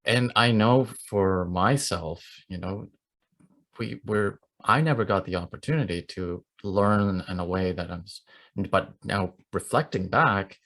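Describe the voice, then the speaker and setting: A male host asking halting, encouraging questions in a conversational interview. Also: low-pitched, fairly bright tone. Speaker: podcast host.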